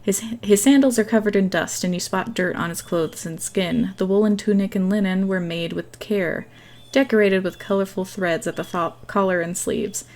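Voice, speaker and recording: A woman's voice: medium pitch, normal speed, darkish tone. Casual woman reading a text game. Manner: casual, reads with small slips and restarts. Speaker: gaming channel host.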